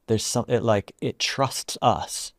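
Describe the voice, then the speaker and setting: A man telling a story in an interview about guiding people through retreats, speaking softly and haltingly with many "like"s. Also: mid-range voice, fairly even intonation, no echo, studio quality. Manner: soft-spoken, halting, full of "like". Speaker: retreat founder and guest.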